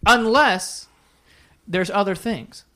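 A young man with a high voice trades jokes on a podcast. His talk is loose and crude, rambling through stories with constant restarts. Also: takes it slowly, sharp tone. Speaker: podcast co-host. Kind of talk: casual chat.

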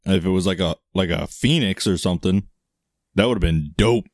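A man's voice: deep voice, brisk, no room sound, clean studio sound. A man co-hosting a casual comedic chat who makes crude jokes and laughs a lot. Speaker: podcast co-host.

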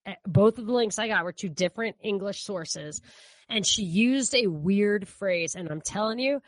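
A woman's voice: medium pitch, normal speed, dry recording. Opinionated female podcast co-host. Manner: opinionated, conversational, restarts often. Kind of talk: casual political podcast chat.

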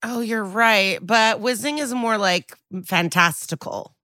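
A woman co-hosting a podcast, joining in with playful, lively asides, a little away from the mic. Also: fairly high pitch, takes it slowly, no echo, studio quality. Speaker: podcast co-host. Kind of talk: casual banter.

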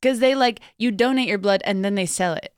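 A woman's voice: medium pitch, brisk, smooth, no room sound, studio quality. A woman co-hosting a podcast, telling stories in a rambling, self-mocking way. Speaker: guest co-host. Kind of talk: casual chat.

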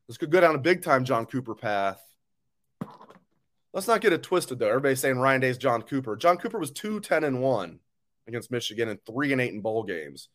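A man's voice: mid-range voice, expressive, fairly quick, fairly bright tone. A man hosting a live sports talk stream, ranting angrily and bluntly, with swearing, as he reads viewer comments. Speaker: sports show host.

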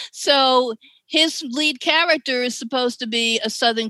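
Woman, New York accent, middle-aged, bright clear voice, dry close sound, animated storyteller. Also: fairly high pitch, unhurried, dry recording. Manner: animated storytelling, chatty, laughs often. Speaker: ghostwriter guest. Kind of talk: podcast interview.

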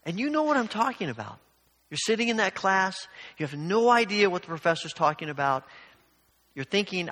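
An older male pastor preaching a sermon. His voice is bright and sits a little high, and he tells stories in a conversational, earnest way. The sound carries a long reverb, as in a large hall. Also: expressive, brisk.

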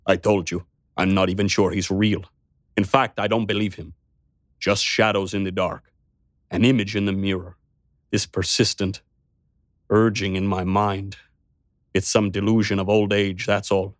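A man's voice: low voice, flat delivery, normal speed, pauses often, dry recording, studio quality, close to an everyday voice. A man voicing an irritable, evasive old tycoon who mutters his lines in an audiobook. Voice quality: muttering, testy.

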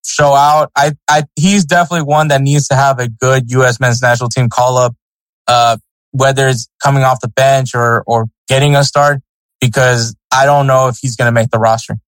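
A man's voice: medium pitch, fairly even intonation, normal speed, a bit bright, smooth, no room sound, low-quality recording. A man co-hosting a sports podcast in casual chat, rambling with many fillers and restarts. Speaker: podcast co-host.

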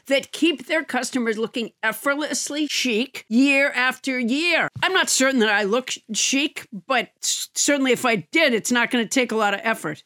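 A woman hosting a comedic podcast, wry with quick asides. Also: high voice, fairly bright tone, dry recording, clean studio sound. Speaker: podcast host.

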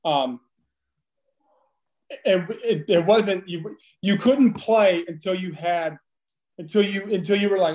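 A man in his thirties swaps profane baseball stories in a loose, animated way, often breaking into laughter. His voice sits fairly high for a man. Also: slow pace, pauses often. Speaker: former baseball player, podcast guest. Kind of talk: casual storytelling chat.

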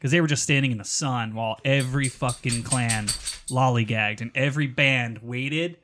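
A man's voice: mid-range voice, normal speed, a bit bright, a little hiss or hum. A man hosting a casual chat, telling stories with plenty of swearing and laughter. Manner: profane, laughing storyteller. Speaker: podcast host and festival board member.

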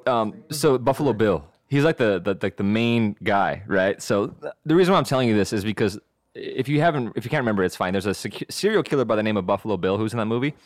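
A man's voice: on the low side, fast talker, dry recording, studio quality. A young man, a voice impressionist, explaining in casual chat how a cartoon voice came about. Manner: explaining, animated, chatty.

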